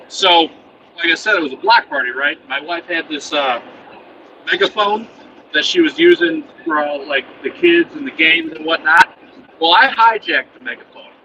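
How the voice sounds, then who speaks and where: A man's voice: a little high, lo-fi sound. A man telling a rambling, profane story in a casual chatty way, chuckling now and then, from inside a truck cab. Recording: distant mic with loud vehicle noise.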